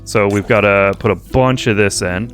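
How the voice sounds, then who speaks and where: A man's voice: on the low side, normal speed, fairly bright tone, faint music behind. A young man hosting a casual let's-play, chatting and thinking aloud with amused energy. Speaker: host playing a game.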